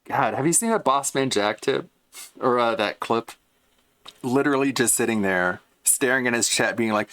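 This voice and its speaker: A man's voice: medium pitch, normal speed, a bit bright, clear, resonant tone, no echo. A man streaming and reacting to clips in casual commentary, mocking and swearing as he rants. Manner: mocking, profane ranting.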